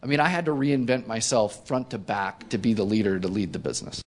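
A man as an interview guest, telling a self-mocking personal story in casual conversation with lively delivery. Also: lowish voice, a little fast. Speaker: company co-founder, interview guest.

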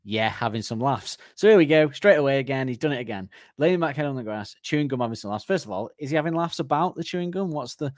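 A man's voice: on the high side, animated, fast talker, few pauses, darkish tone, no room sound, studio quality. A man co-hosting a comedy podcast, joking casually about song lyrics and laughing often. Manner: jokey, laughs often, acts out silly voices. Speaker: podcast co-host.

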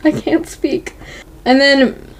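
A woman with a notably high voice chats casually as a podcast co-host. Her talk is loose and giggly, full of "like" and "um". She keeps an easy, unscripted flow. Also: steady tone, slow. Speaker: podcast co-host recapping a TV episode. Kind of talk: casual chat.

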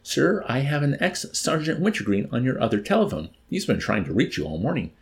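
A deferential army sergeant reports bad news politely, as a male reader puts him on. His voice sits a bit higher than the reader's own, hesitant and careful. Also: big pitch swings, fairly quick, vocal fry. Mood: nervous.

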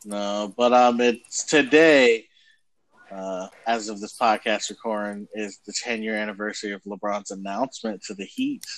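A man's voice: fairly low pitch, animated, moderate pace, creaky, a bit bright, no echo. A man co-hosting a podcast, making laid-back, brief remarks in casual chat. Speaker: podcast co-host.

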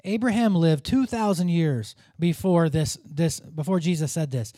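A man with a fairly high voice teaches through a Bible passage in an earnest, informal way. He thinks aloud and restarts sentences as he goes. The sound is dry and close, with no room ring. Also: normal speed, mellow, no echo.

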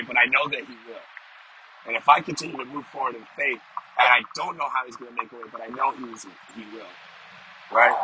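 A middle-aged man and vlogger talking casually to his viewers in a rambling, conversational way. He often repeats himself and keeps checking in with "you know?". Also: medium pitch. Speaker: vlogger and sales professional. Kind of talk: casual monologue to camera. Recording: steady background noise.

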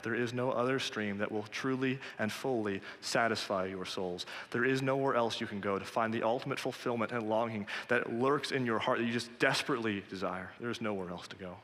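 A man's voice: lowish voice, a bit bright, big-room sound. A man preaching a sermon in an earnest, direct and conversational way, speaking straight to his listeners.

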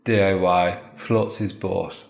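A man improvising a comic story in a chatty, animated way. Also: low voice, takes it slowly, vocal fry. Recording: roomy echo.

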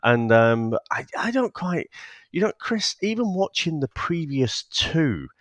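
A man in a casual podcast chat who sounds easygoing and often chuckles. His pitch moves around expressively, and he swears freely. The recording is close and dry. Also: sing-song, a little slow, no room sound. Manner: laid-back, sweary, chuckling. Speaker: podcast co-host. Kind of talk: casual film review chat.

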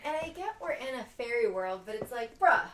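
A woman co-hosting a casual chat, blunt and emphatic, swearing freely. Her voice sits a little high and reaches the mic from a short distance, with an echoey room around it. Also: big pitch swings, a little fast, a crowd in the background. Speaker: podcast co-host.

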